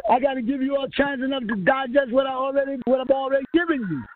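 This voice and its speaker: High-voiced man preaching, profane and fiery. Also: steady tone, quick pace. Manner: fiery, profane, quizzes listeners with rhetorical questions. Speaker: spiritual leader. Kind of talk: profane call-and-response sermon. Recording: tinny lo-fi line with faint hiss.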